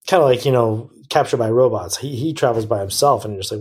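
A man's voice: medium pitch, fast talker, darkish tone, husky. A man as a podcast guest, talking frankly in a rambling way, often restarting and correcting himself. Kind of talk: casual interview chat.

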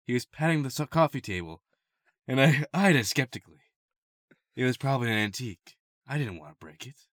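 Brief: male podcast co-host, bright lively voice, reads aloud and keeps cracking up. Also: mid-range voice, a little fast, no echo, clean studio sound. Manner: breaks into giggles while reading. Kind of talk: reading erotica aloud for laughs.

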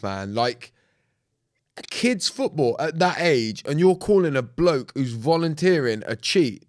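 A man's voice: a little high, a little slow. A man with a British accent co-hosting a podcast in casual chat, telling stories animatedly and mimicking others. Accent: British English. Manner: animated storyteller, slips into others' voices when retelling. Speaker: podcast co-host.

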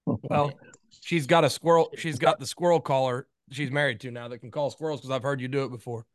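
A man's voice: mid-range voice, steady tone, brisk, no room sound. Easygoing male podcast host, dry sound. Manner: easygoing, plugs the guest's socials. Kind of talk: casual podcast chat.

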